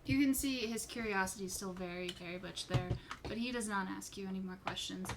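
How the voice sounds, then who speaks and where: A woman's voice: mid-range voice, brisk, a little hiss or hum. A woman narrating as game master in an online tabletop game. She describes scenes informally and swears casually.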